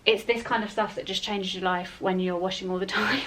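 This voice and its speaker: A young woman, chatting casually to camera in a vlog about family life, laughing often and talking softly to her son. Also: mid-range voice, fairly even intonation, fairly quick, noisy background. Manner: chatty and self-deprecating, often laughing, with soft baby talk to her son. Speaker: vlogger. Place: home and outdoors in town.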